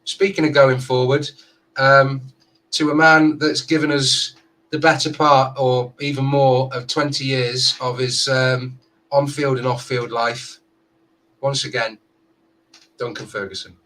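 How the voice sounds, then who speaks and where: Rambling southern English man, bright voice. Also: medium pitch, level tone, unhurried, recorded from a distance. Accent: generic southern English. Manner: rambling, hesitant, with many fillers. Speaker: co-host of fan channel. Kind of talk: casual fan chat.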